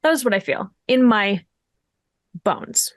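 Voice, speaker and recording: A woman's voice: medium pitch, expressive, slow pace, dry recording. A bubbly woman hosting a tabletop game stream, chatting casually and laughing easily. Her voice sits at a middle height and sounds close and dry, with little room around it. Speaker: game master and host.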